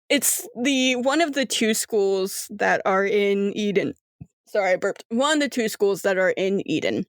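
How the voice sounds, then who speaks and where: A woman's voice: mid-range voice, no echo, clean studio sound. A young woman narrating a tabletop game as game master, rambling and padding her descriptions with "like" and "um". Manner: rambling, filler-heavy description with frequent "like" and "um".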